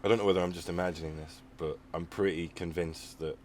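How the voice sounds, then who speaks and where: A man's voice: low-pitched, steady tone, fast, a little hiss or hum. A man hosting a podcast, talking in a rambling casual way with many restarts. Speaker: podcast host. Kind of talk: casual conversation.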